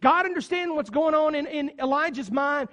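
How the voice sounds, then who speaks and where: A man's voice: very high voice, moderate pace, sharp tone. A man preaching a sermon in an earnest, conversational way, with some emphatic stretches. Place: church sanctuary. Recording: long reverb of a church hall.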